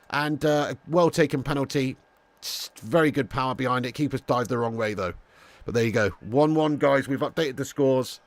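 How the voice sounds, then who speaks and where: A man hosting a live football watch-along, chatting casually to viewers, swearing freely, and getting loud when calling goals. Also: mid-range voice, normal speed, no echo. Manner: casual, laddish, swears freely, calls viewers mate and lad. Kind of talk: live streamed football commentary and chat.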